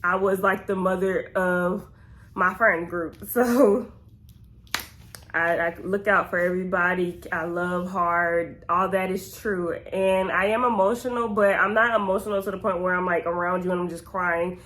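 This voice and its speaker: A woman's voice: fairly low pitch, fairly even intonation, unhurried, fairly bright tone. A woman, talking to her viewers in a candid, slangy get-to-know-me Q&A. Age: 20s. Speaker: vlogger.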